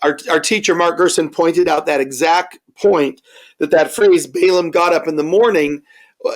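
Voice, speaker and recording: A man's voice: fairly high pitch, moderate pace. A man, a bishop hosting a Bible study discussion, affirming and reflective. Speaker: bishop, host.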